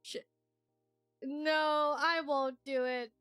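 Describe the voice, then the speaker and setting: A woman's voice: high-pitched, steady tone, very slow, long pauses, fairly bright tone, no echo, studio quality, faint music behind. A woman streamer chatting casually and reading chat aloud, giggly and rambling with lots of fillers.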